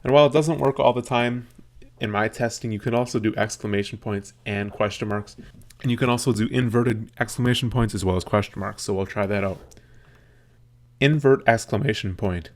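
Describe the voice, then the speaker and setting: Man, fairly low voice, casual tutorial host, step-by-step, slow deliberate dictation. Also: fairly even intonation. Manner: casual, explains step by step, slows to dictate punctuation aloud. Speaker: tech video host. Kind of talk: screen tutorial with dictation demo.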